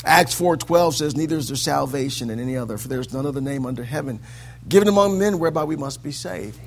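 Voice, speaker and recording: A man preaching a sermon in a church, swinging from hushed lines to loud, sing-song peaks. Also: a little high, fast, creaky.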